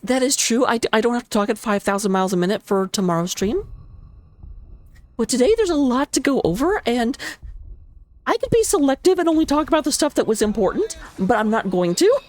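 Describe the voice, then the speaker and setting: A woman with a slightly high voice calls a live esports match. She talks rapidly and excitably, cracking playful jokes as she goes. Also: no echo. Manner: playful, jokey. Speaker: esports caster. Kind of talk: live game commentary on a stream.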